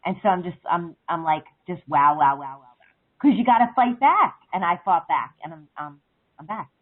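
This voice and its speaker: Woman, caller, casual rambling chat, husky voice, tinny phone sound. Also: lowish voice, lively intonation, moderate pace. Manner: rambling, full of "like" and "um". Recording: phone line.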